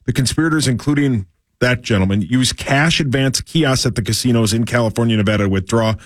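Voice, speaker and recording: A man's voice: medium pitch, brisk, no echo. A man co-hosting a radio show, reading a news item aloud in a dry, wry way. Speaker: radio co-host.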